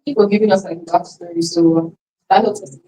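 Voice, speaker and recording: A woman's voice: fairly low pitch, steady tone, fairly quick, dark tone, recorded from a distance, poor audio. A woman hosting an icebreaker game with an audience, chatty and laughing often, restarting her sentences. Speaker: event host.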